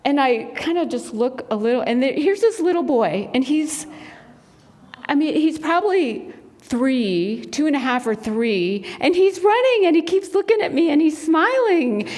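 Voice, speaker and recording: Woman preaching, lively storyteller, somewhat high voice, long echo of a hall. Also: moderate pace. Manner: animated storyteller, acts out quotes in a high bright voice. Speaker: spiritual center speaker. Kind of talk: sermon talk with storytelling. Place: spiritual center sanctuary.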